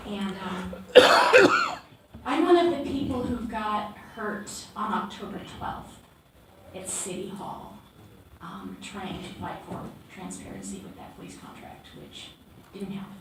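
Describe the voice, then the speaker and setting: A woman activist giving unplanned testimony at a city council meeting. She is trembling and emotional, and she speaks haltingly with many fillers and restarts. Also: medium pitch. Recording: echoey council chamber from far off, with background noise.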